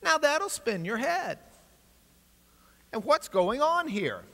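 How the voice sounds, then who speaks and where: A man teaching a Bible class in an energetic, animated lecture style, with asides to his class. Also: very high-pitched, slow. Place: large church classroom. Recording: long hall reverb.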